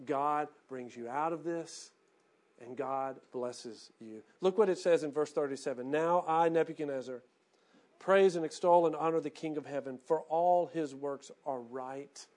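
A man preaching a sermon as pastor, going from hushed reflection to rising, emphatic calls. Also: on the high side, measured pace.

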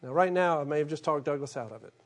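A man's voice: fairly high pitch, quick pace. A middle-aged man preaching a casual, humorous sermon, acting out little asides. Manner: humorous, animated storytelling with acted-out asides. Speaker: pastor. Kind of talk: conversational sermon.

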